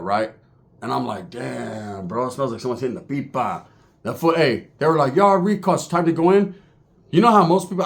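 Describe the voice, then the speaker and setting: A man spinning a long, profane yarn, lively and crude, sliding into voices for the people in his tale. His voice sits a little higher than most men's. He is from California. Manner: animated, crude, acts out other people's voices. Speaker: former prisoner telling a story. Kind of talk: profane storytelling monologue.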